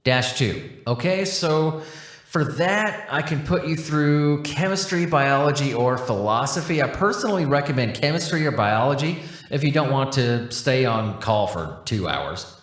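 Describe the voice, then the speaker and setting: A man's voice: mid-range voice, lively intonation, unhurried, close to an everyday voice. A breezy, easygoing cosmic tech support being, chatty and full of slang, as a male narrator puts him on. His voice sits in a middling register. It comes through with a roomy echo around it. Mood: laid-back.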